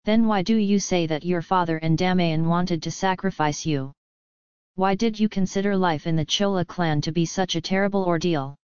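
A woman's voice: fairly low pitch, normal speed, darkish tone, clear, resonant tone, no room sound, highs cut off, lightly acted. A woman reading as a stern royal princess. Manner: stern, formal old-fashioned speech. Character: proud royal princess, elder sister, commanding.

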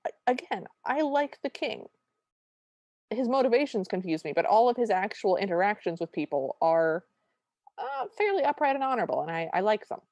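A woman's voice: mid-range voice, sing-song, darkish tone, no room sound. Wry, exasperated woman podcast co-host. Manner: wry, exasperated, recounts scenes with quick impressions. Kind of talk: casual chat recapping a film.

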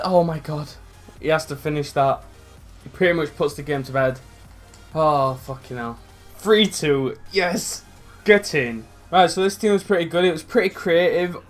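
A young man commentating on his own football video game match, sweary and excitable, swinging from low mutters to loud outbursts. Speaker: gaming YouTuber.

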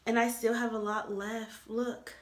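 A young woman chats to her camera in a casual vlog, unhurried and expressive, with a touch of drama in her talk. Her voice sits slightly high. She was recorded on a camera mic in an echoey room at home. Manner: chatty, expressive, dramatic reactions. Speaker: vlogger.

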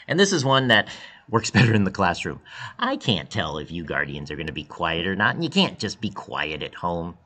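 A man's voice: big pitch swings, normal speed, pushed and bright. A male teacher talking to his students in an upbeat, encouraging way in an online class video. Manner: upbeat, encouraging, with big pitch jumps.

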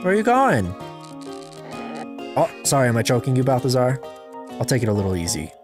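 A woman's voice: a bass voice, sing-song, brisk, music in the background. A woman giving casual gameplay commentary, sarcastic and playful, chatting to a virtual puppy.

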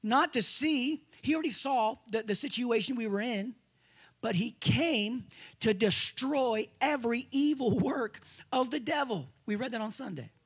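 A male pastor giving a conversational sermon to a congregation. He restarts phrases often and swings between loud emphasis and quiet asides. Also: very high voice, lively intonation, a little slow, breathy edge. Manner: conversational preaching with frequent restarts. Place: church service room with a congregation.

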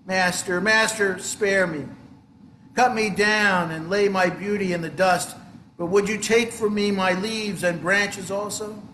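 A man's voice: high voice, fairly even intonation, unhurried, pushed and bright, echoey room, slight background noise. A man voicing a devoted young bamboo plant, pleading in trembling dismay in a told parable.

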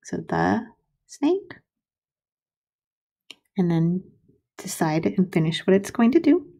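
Patient gravelly-voiced woman teacher. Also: lowish voice, very animated, dark tone. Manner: slow, patient, spelling words out for young children. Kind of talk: recorded early-grade writing lesson.

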